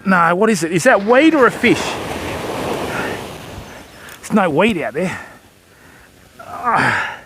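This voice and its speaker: A man's voice: high-pitched, sing-song, unhurried, pauses often, fairly bright tone. An older Australian man fishing from a beach on a livestream, chatting to viewers and thanking them while he casts. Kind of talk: live fishing stream chat. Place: outdoors on a beach by the surf. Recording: faint surf noise outdoors. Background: waves and surf.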